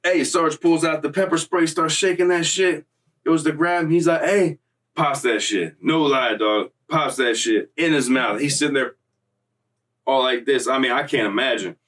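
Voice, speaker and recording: A man's voice: fairly high pitch, normal speed, a bit bright, far from the mic, rough recording. A young man casually telling a story in streetwise slang, profane, loose and rambling, recorded slightly off-mic.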